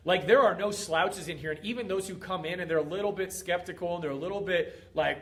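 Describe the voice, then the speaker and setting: A man's voice: sits high, quick pace, few pauses. A middle-aged man hosting a motivational livestream as a fitness coach, talking in an emphatic, repetitive, preachy way. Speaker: fitness coach and group host.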